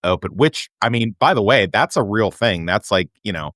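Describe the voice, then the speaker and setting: A man's voice: lowish voice, expressive, normal speed, fairly bright tone, no echo, clean studio sound. A man co-hosting a casual chat about a TV show, often going off on side notes. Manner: chatty, goes off on side notes. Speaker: podcast co-host.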